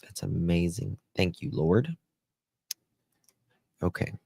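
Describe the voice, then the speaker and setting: Man, live-stream host, very low voice, slow pace, exclamatory chatter. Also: gravelly, darkish tone, slightly rough, dry recording.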